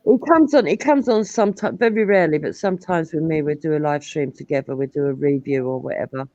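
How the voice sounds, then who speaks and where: A middle-aged woman with a Cockney accent, hosting a casual live-stream chat, telling animated stories and swearing freely. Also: sits low, fast, dry recording. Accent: London Cockney. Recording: dull lo-fi stream audio.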